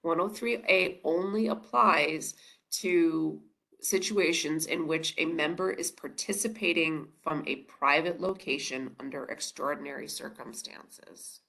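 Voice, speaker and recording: Raspy stuffy-nosed woman presenter. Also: low voice, unhurried, a bit bright. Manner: procedural, explanatory, with frequent uh and restarts. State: stuffy nose, recovering from a cold. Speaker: government presenter on open meetings law. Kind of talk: online information session with Q&A.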